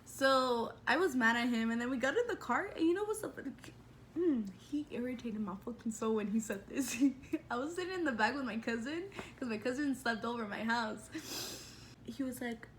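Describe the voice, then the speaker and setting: A woman in her twenties, a vlogger telling a personal story in a chatty, animated way with lots of fillers. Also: fairly high pitch, moderate pace, a little hiss or hum. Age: 20s. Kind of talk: casual storytelling.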